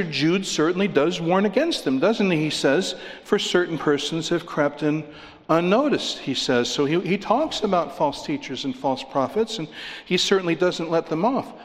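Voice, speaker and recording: A man preaching a sermon in an emphatic, conversational way, often posing questions to his listeners. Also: a little high. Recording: long hall reverb.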